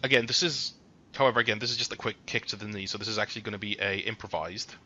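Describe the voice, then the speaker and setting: A man with a bright, forceful voice serves as game master, narrating the fight in a casual, chatty way. The recording sounds dull and lo-fi. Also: lowish voice, racing, slight background noise. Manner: casual, chatty, hums while looking up rules.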